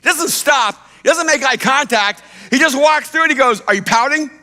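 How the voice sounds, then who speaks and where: A middle-aged man preaching a sermon as pastor, telling a self-deprecating story in an animated way. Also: very high-pitched, moderate pace. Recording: long hall reverb.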